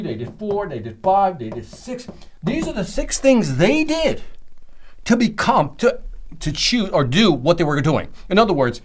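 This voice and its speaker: A middle-aged man teaching a sales seminar, excitable and emphatic, speaking straight to his listeners. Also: a little high. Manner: animated, excitable, emphatic, talks to the listener directly. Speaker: sales trainer.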